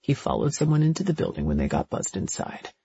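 Audiobook love interest: woman reading a cocky, protective young man, dropped low, slow and teasing, warm and dark. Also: sing-song, gravelly, slightly rough, dry recording, dull audio, heavily acted. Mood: soothing.

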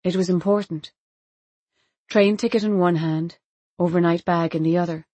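Woman narrator for a literary audiobook, quiet and intimate, lowish voice, dry close recording. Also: fairly even intonation, normal speed, no room sound. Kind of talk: first-person literary narration.

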